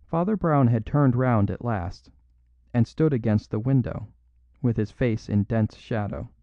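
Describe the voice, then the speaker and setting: A man's voice: mid-range voice, a little slow, no echo. Man narrating a story, dull dry sound. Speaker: audiobook narrator. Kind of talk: scripted narration.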